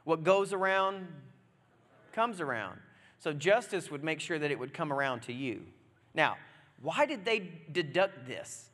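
A man preaching a sermon in a chatty, joking way, acting out the story with sudden loud exclamations. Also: on the high side, measured pace, long pauses. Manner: animated, jokey, acts out scenes with loud exclamations. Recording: long reverb of a large hall.

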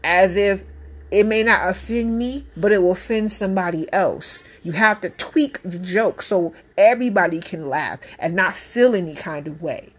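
A woman's voice: mid-range voice, moderate pace. A woman, a mother, giving her opinion in a casual monologue, emphatic and blunt, repeating her points with passion. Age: adult parent.

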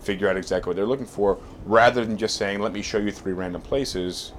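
A man with a low, steady voice explains at length how his agency works. He speaks in a relaxed, plain-spoken way to his team. Faint background noise runs under the recording. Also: brisk. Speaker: real estate agency head hosting a team chat. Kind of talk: casual group chat, then workplace talk.

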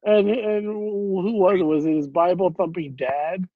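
A man's voice: high voice, fairly even intonation, measured pace, dry recording, phone-quality sound. A man in his late forties chatting with old friends, laughing often and adding short, amused comments. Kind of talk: casual chat among old friends.

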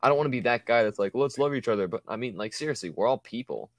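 A man's voice: mid-range voice, animated, fast. A young man chatting casually in a laid-back way, chiming in with jokes. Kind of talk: casual chat.

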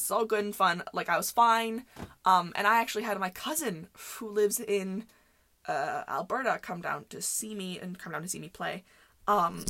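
A woman's voice: mid-range voice, creaky, a bit bright, dry recording. Woman rambling thru a story on her podcast, keeps correcting herself, laughs a lot, dry close sound. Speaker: podcast host. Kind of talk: casual solo storytelling.

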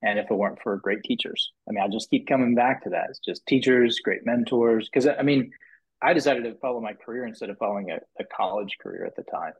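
A man guest on a podcast, telling his story in a casual, animated way, with many restarts and repeated "you know"s, and his voice rising high when he acts out what others said. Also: fast, slightly rough. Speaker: podcast guest, business owner. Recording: muffled lo-fi podcast audio.

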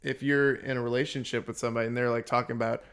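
A man's voice: medium pitch, little pitch movement, racing, a bit bright, clear, resonant tone. A young man co-hosting a casual podcast, chatting loosely and rambling a bit. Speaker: podcast co-host. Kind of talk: casual chat.

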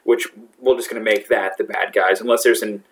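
A man's voice: fairly low pitch, fairly even intonation, brisk, fairly bright tone. A man narrating a tabletop role-playing game as game master, laughing often and restarting sentences. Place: brewery.

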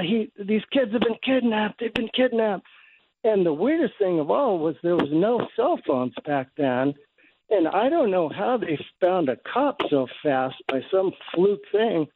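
A man with a slightly higher voice calls in and tells a story from his childhood in an easygoing way. He is heard over a thin, tinny phone line with a dry sound. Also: no room sound. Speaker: caller.

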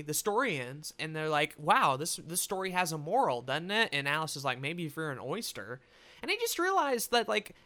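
Bright, crisp-voiced young man rambling. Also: on the high side. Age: young adult. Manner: rambling, casual, swears freely, animated. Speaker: movie reviewer. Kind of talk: casual spoken movie review.

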